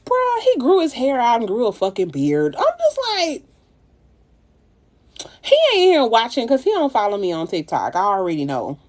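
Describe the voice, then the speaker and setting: A woman's voice: on the high side, moderate pace. A woman, chatting casually and profanely on a phone livestream while doing her makeup. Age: 30s. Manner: animated, profane, swoops way up when exclaiming.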